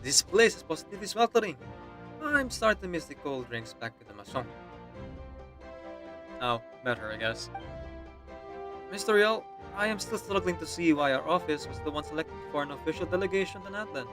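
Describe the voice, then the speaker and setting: A man's voice: on the high side, expressive, normal speed, pauses often, over music, lightly acted. A man voicing an exasperated young male office clerk with a put-on French accent, reading game dialogue aloud. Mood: put-upon.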